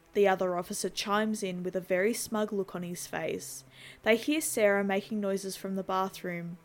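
A woman's voice: medium pitch, little pitch movement, moderate pace. A woman narrating a movie recap in a conversational tone, dropping in wry asides.

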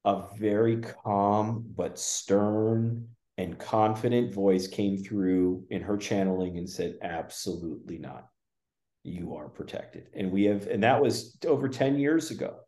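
A man's voice: on the low side, a little slow, few pauses, dark tone. A man talking as a spiritual guest in casual conversation, rambling with frequent restarts and fillers. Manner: rambling, with many restarts and "you know" fillers. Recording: roomy echo.

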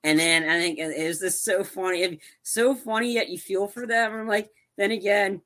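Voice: medium pitch, steady tone, normal speed, a bit bright. A young adult podcast co-host chatting casually about a movie, rambling with lots of fillers and restarts.

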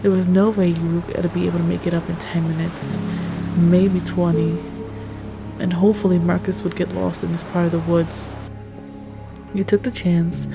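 A woman narrating a tense second-person audio story in a measured way. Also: fairly low pitch, little pitch movement, vocal fry, low-quality recording. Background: music.

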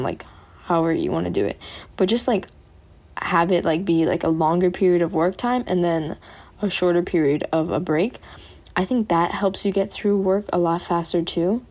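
Chatty young woman with a husky voice. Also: fairly low pitch, darkish tone. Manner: rambling, chatty, laughs often. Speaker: vlogger. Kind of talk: casual chat to camera. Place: bedroom at home.

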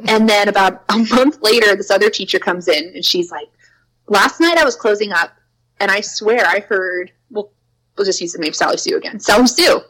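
A young woman casually telling spooky stories from her preschool job. She fills her talk with "like" and acts out quotes in a higher voice. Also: normal speed, fairly bright tone, rough recording. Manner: chatty, lots of "like", acts out quotes with a raised voice. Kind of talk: casual storytelling.

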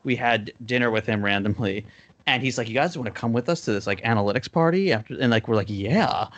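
Talking fast in a mid-range voice, a New Jersey man in his thirties who creates cartoons rambles through stories as a podcast guest, with plenty of fillers. The recording sounds muffled.

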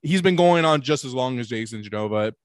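A man's voice: medium pitch, expressive, a little fast, no room sound, studio quality. A man in casual podcast chat, telling rambling, profane stories with many restarts. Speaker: podcast co-host.

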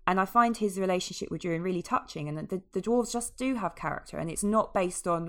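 A woman's voice: mid-range voice, quick pace, hardly any pauses, fairly bright tone. A woman co-hosting a casual chat, talking with enthusiasm and many small fillers and restarts. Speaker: podcast co-host. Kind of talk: casual chat about a fantasy TV series.

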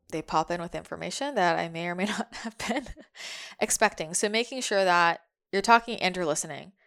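A woman's voice: lowish voice, smooth. A young adult woman speaking casually as a spiritual medium, chatty and full of fillers, passing on what her spirit guides are telling her.

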